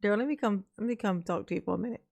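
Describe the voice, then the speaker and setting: A woman's voice: medium pitch, racing, creaky, darkish tone. A woman hosting a commentary stream, taunting and mocking in slangy talk, often breaking into laughter. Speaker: commentary host.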